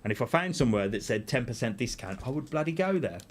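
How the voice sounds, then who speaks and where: A man's voice: fast talker, a little hiss or hum. Chatty man live-streaming from home. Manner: chatty, self-mocking, lively pitch swings. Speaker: YouTube channel host. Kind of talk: casual live-stream chat. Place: home room full of camera gear.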